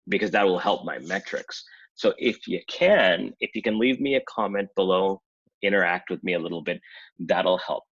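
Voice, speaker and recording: Low husky man, rambling casual vlog. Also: animated, moderate pace, a bit bright, no echo, dull audio. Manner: rambling, chatty, self-correcting. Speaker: YouTuber talking about affiliate marketing. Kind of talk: casual screen-share vlog.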